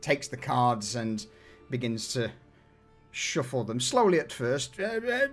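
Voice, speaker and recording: A man running a tabletop game as game master, narrating a scene in a relaxed way with many fillers. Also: medium pitch, slow, faint music behind.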